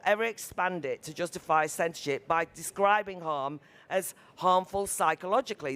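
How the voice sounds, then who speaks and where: A woman delivering an impassioned, emphatic speech on a conference panel. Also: on the low side. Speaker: panel speaker. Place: conference venue.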